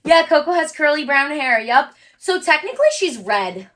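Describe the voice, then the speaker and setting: A woman's voice: high voice, very animated, moderate pace, a bit bright. A woman hosting a casual livestream as she packs orders, chatty and upbeat, with frequent ums and likes. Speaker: livestream host packing orders.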